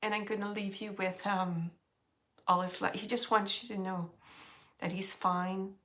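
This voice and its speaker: A woman working as a medium, giving a spirit reading to an audience, speaking softly, musing aloud and often dropping to a whisper. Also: mid-range voice, level tone, unhurried. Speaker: psychic medium.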